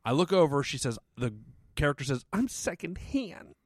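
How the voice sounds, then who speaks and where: A man co-hosting a podcast, telling a story in casual, profane chat with sudden loud outbursts. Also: medium pitch, a little fast, dry recording, clean studio sound. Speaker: podcast co-host. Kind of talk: casual comedic recap chat.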